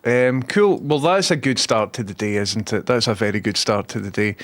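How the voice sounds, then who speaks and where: A man's voice: fairly low pitch, normal speed, hardly any pauses. A man with a Scottish accent hosting a casual livestream, chatty and self-mocking, swearing freely as he talks to his chat. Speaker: livestream host.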